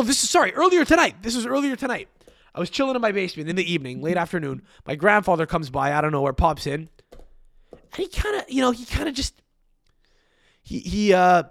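A man's voice: high voice, vocal fry, a bit bright, no room sound, studio quality. A young man hosting a solo podcast, ranting with frequent swearing and exasperated asides. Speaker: podcast host.

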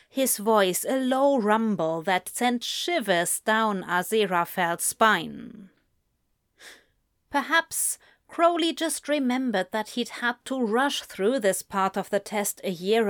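A woman reading romance fan fiction aloud in slow, gentle narration. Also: a little high, clean tone, no room sound, studio quality. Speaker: audiobook reader.

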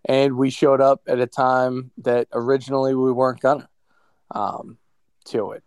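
Smooth-voiced man in dry close sound. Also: medium pitch, flat delivery, moderate pace, darkish tone, no echo. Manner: reflective, talks about faith. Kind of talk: casual conversation.

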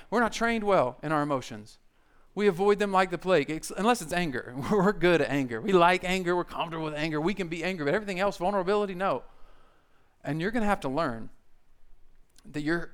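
Joking pastor preaching. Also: male voice, sits high, clean tone. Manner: conversational, joking, animated preaching. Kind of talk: sermon.

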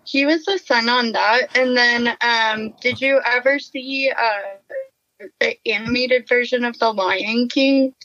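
Giggly high-voiced woman reading quotes. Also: fairly even intonation, takes it slowly, sharp tone, dull audio. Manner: giggly, laughs while reading. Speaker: podcast co-host. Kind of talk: casual chat, reading ad quotes aloud.

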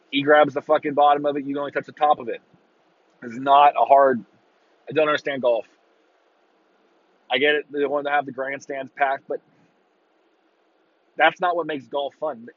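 A husky-voiced man rants in a loose, profane, exasperated way, now and then jumping into shouted mocking impressions. His voice sits at an ordinary middle pitch. The recording is dry and a little muffled. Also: no echo. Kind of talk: casual rant.

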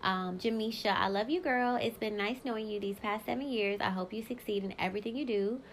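A woman in her thirties hosts a solo podcast, her voice carrying a steady gravelly fry. She talks frankly and swears freely, speaking straight to her listeners in loose, unscripted chat. Now and then she reads old yearbook messages aloud in the same easy way. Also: medium pitch, fairly quick, a little hiss or hum. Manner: candid, profane and emphatic, talks straight to listeners. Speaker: podcast host.

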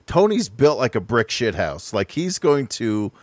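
Lively-pitched joking man, dry sound. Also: unhurried, no echo. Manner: joking, playful interjections. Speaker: podcast co-host. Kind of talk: casual chat.

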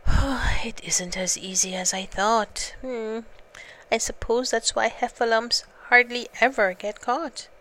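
A dreamy, honey-loving bear drawls through his thoughts in a raised, bright storybook voice, as a woman reads him. He hums and trails off as he muses, slow and gentle. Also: on the high side, steady tone, slight background noise, pitched above the performer's own voice. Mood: wistful. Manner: musing, drawn-out, humming to himself.

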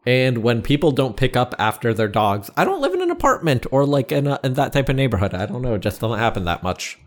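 A man's voice: medium pitch, sing-song, fast. A man co-hosting a podcast in casual chat, easygoing as he reads out listener submissions. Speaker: podcast co-host.

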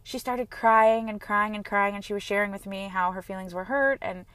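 A woman in her thirties, a mother, talking earnestly and gently about her own experience in a heartfelt personal monologue. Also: mid-range voice, steady tone, normal speed, no echo. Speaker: mother sharing personal reflections.

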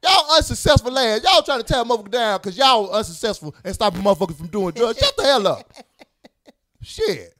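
A young man co-hosting a casual chat show, ranting loudly in a profane, joking way. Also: sits high, big pitch swings, fairly quick. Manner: loud, profane, joking rants. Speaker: podcast co-host.

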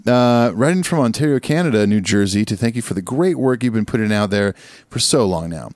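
A man co-hosting a podcast in casual chat, reading a listener email aloud, stumbling and filling pauses as he goes. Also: on the low side, animated, a little mellow, no room sound. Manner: chatty, stumbling over words, frequent fillers. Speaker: podcast co-host.

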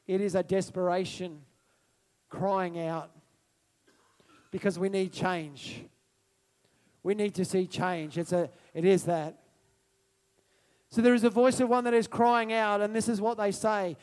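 A man preaching a passionate sermon, swinging between loud proclamation and soft musing and calling out to the congregation for responses. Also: high voice, fairly even intonation, normal speed.

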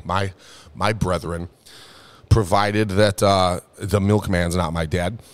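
A man's voice: low voice, steady tone, a little slow, clear, resonant tone. A young man hosting a casual comedic talk show, rambling and swearing a lot while tipsy from drinking. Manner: profane, rambling, jokey. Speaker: podcast host.

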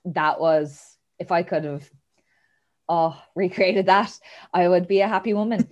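A woman chatting casually as a host, retelling a film's plot with animated quotes and frequent laughs. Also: lowish voice, a little slow, dull audio.

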